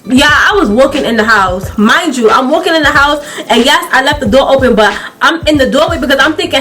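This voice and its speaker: Young woman vlogger, slightly high voice, chatty storyteller who keeps laughing, faint music behind. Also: a little fast, few pauses. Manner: animated, chatty, often laughing. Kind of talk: casual storytime.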